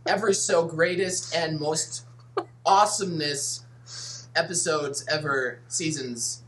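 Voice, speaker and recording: Goofy podcast co-host over loud noise. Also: male voice, fairly high pitch, steady tone, takes it slowly. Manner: playful, goofy. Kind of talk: casual podcast banter.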